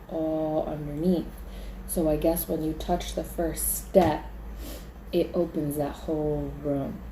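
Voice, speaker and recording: A woman's voice: sits low, background noise. A woman telling the story of a scary dream in a casual, chatty way, often saying "like" and acting out her own panic. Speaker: vlogger recounting a dream. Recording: roomy echo.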